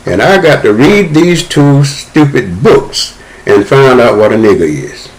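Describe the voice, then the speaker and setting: An older man, telling a story from his childhood in an animated way and acting out the dialogue. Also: medium pitch, a little slow, low-quality recording. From Southern United States. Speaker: interview guest.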